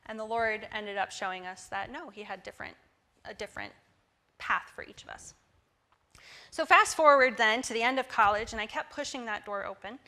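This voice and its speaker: A woman in her twenties giving a personal testimony at a church service, telling her story in a lively way. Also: a little high, normal speed. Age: 20s. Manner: lively storytelling, acting out quoted dialogue. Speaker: church guest speaker.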